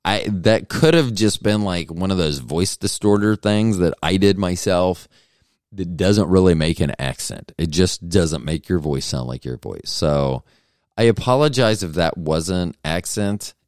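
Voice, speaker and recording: Man, very deep voice, swings up and down a lot, solo podcast host, joking and self-deprecating, dry close sound. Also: animated, a little slow, a little mellow, no room sound. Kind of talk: rambling solo podcast monologue.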